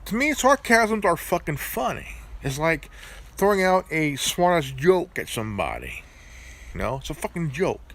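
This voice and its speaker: A man's voice: on the high side, big pitch swings, moderate pace, a bit bright. A man hosting his own channel, talking in a crude, profane vlog rant full of stammered restarts. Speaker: channel host.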